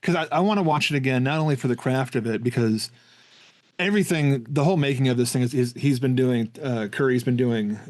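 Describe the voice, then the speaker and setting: A man's voice: mid-range voice, a little fast, darkish tone. A man hosting a film podcast in casual discussion, rambling with many restarts and repeated words. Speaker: podcast host.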